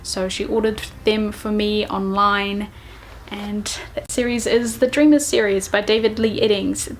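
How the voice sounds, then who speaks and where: A woman, chatting excitedly and self-deprecatingly in a casual book vlog. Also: medium pitch, measured pace, a little hiss or hum. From New Zealand. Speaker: book vlogger.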